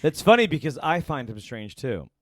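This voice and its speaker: Man, podcast co-host, sarcastic asides, lively pitch, dry recording. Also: a little fast, no room sound. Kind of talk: casual chat.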